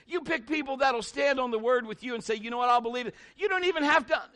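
A middle-aged man preaching a sermon in an animated, conversational way, with big swings in pitch. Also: fast.

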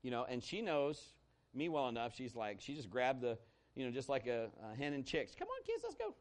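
Pastor guy preaching, chatty storytelling, goes loud then quiet, mid-pitch voice. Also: moderate pace. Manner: animated, conversational, swings from loud to hushed. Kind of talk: sermon with personal storytelling.

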